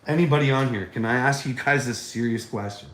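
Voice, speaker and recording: A man's voice: mid-range voice, fairly quick, fairly bright tone, reverberant. A man chatting casually on a livestream, mocking and swearing at viewers and laughing often. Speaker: livestreamer talking to chat.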